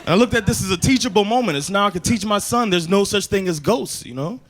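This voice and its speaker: An American man performing a loose, conversational stand-up comedy set in a club, switching to loud shouted voices for his acted bits. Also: high voice, animated, quick pace. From United States. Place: comedy club stage with a laughing audience. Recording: live club recording with audience noise.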